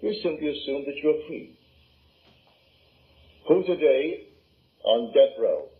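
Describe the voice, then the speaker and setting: A man's voice: a little high, lively intonation, takes it slowly. An older man with a Barbadian accent giving an emphatic spoken lecture, full of rhetorical questions. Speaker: lecturer on scripture and imagination. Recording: tinny lo-fi archive recording.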